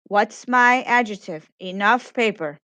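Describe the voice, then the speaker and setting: A woman's voice: mid-range voice, a little slow, pushed and bright, no room sound. A woman teacher giving a grammar lesson to children, patiently repeating questions and praising answers.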